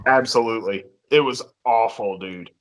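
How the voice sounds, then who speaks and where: A man's voice: fairly low pitch, normal speed, fairly bright tone, lo-fi sound. A man co-hosting a casual sports podcast, laid-back and agreeable, often answering with a simple yep. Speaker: podcast co-host.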